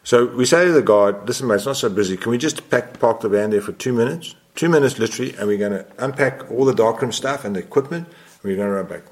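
A man's voice: medium pitch, quick pace. A man in his sixties, a photographer guest in an interview, telling a long story in a rambling way, often correcting himself. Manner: rambling, self-correcting, animated.

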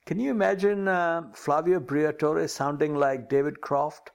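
A man runs through racing news as a podcast co-host, his voice rising and falling in a lively, joking way. He addresses his partner as "sir". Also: on the high side, measured pace, creaky. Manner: animated, calls partner "sir". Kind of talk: casual news chat.

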